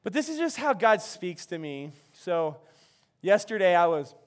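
A man's voice: high-pitched, big pitch swings, unhurried. A male pastor preaching a sermon in a church, telling a story in a loose, conversational way with many restarts and repeated words.

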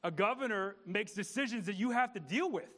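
A man's voice: high-pitched, lively intonation, a little fast, fairly bright tone. A man pastor preaching a conversational sermon, repeating words and asking the congregation questions.

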